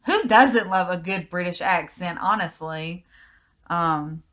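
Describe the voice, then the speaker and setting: Laid-back Southern American woman, low voice. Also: slow pace, fairly bright tone. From United States. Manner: easygoing, rambling answers with frequent ums. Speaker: vlogger. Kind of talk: casual Q&A vlog.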